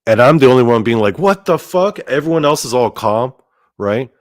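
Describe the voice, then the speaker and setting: A man's voice: mid-range voice, a little fast, no room sound, clean studio sound. A man casually telling a story as host, rambling with lots of fillers and frequent swearing. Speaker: podcast host.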